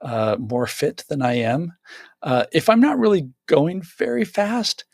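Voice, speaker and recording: A man's voice: a little high, big pitch swings, a little slow, gravelly, no room sound. Chatty man, dry close sound. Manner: chatty, many fillers and restarts. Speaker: author and guest. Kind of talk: casual tech conversation.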